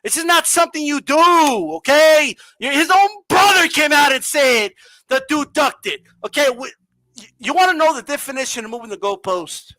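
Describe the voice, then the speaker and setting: A man's voice: very high-pitched, normal speed, sharp tone, dry recording, rough recording. A man hosting a boxing podcast, ranting with lots of profanity, often raising his voice and mocking people. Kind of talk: heated uncensored podcast rant.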